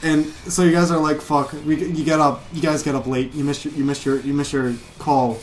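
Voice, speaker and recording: A man's voice: fairly high pitch, little pitch movement, brisk, heavy background noise. A man co-hosting a casual comedy chat and spinning long improvised stories. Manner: rambling improvised storytelling. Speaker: podcast co-host.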